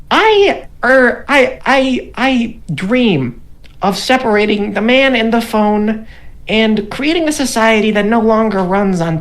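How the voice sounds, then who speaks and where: A woman's voice: mid-range voice, voice pushed up. A woman voicing a mischievous male gnome who steals phones, giggling and teasing with pompous speeches.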